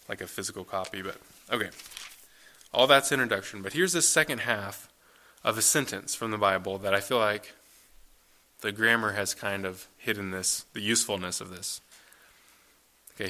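A young man preaches in a loose, chatty way, full of ums and asides. His voice sits a little low but comes across bright and forceful. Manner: casual conversational preaching with fillers. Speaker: pastor. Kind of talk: sermon.

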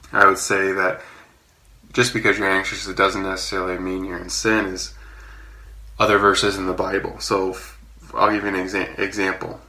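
A man delivers a sermon in a casual, storytelling manner. His voice sits low and gravelly, with a bright edge. The room around him is echoey. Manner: conversational, relaxed storytelling with fillers. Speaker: pastor.

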